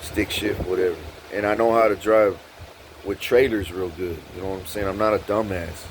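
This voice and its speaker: A man tells a story in a casual, animated, profane way at a moderate pace, repeatedly saying "dog" and "bro." His pitch jumps up when he gets excited, and the low-quality recording carries a little hiss or hum.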